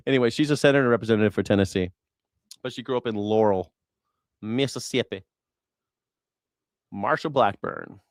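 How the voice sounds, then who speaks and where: A man's voice: mid-range voice, moderate pace, long pauses, no room sound, studio quality. A man hosting a news reaction show, sarcastic and incredulous and swearing freely. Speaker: host.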